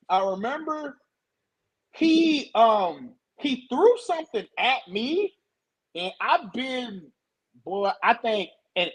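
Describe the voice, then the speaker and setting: High-voiced man telling a story. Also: poor audio. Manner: animated, stutters and repeats words. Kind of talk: casual storytelling.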